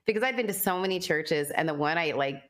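A woman's voice: low-pitched, a little fast, fairly bright tone. A woman telling her personal story in casual conversation, chatty and earnest, full of fillers and quoted thoughts. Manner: earnest and reflective.

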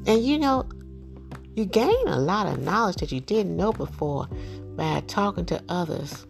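A woman's voice: lowish voice, measured pace, creaky, soft background music. A middle-aged woman giving folksy advice in a casual vlog, sprinkling her talk with "you know" and "right?". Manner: animated when acting out quoted dialogue. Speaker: parent sharing life advice.

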